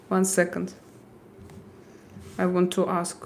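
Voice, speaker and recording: A woman hosting a casual live chat, talking hesitantly with many fillers, pauses and restarts. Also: lowish voice, completely flat delivery, gravelly, a little hiss or hum. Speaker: livestream host.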